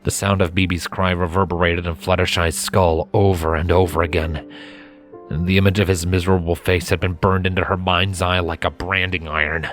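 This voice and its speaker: A man narrates a fan-written story in a low, steady voice. His delivery is measured and even, with faint background music underneath. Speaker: fanfiction reader.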